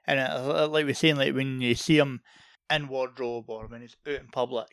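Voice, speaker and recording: A young man chatting casually about a film, halting and full of likes, with some swearing. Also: medium pitch, steady tone, fairly bright tone, clean tone, no room sound, studio quality. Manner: hesitant, many fillers and restarts, sweary.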